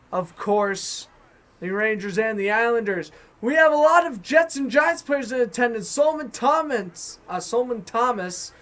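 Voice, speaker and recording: A man with a Boston accent giving chatty, excited fan-made play-by-play commentary on a hockey game. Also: extremely high pitch. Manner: excited, chatty, self-correcting. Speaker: sports commentator.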